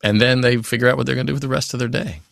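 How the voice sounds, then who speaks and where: Male voice actor guest, chatty and animated, dry close sound. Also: mid-range voice, very fast, vocal fry, dry recording. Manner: chatty, animated, many "you know" asides. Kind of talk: casual interview advice.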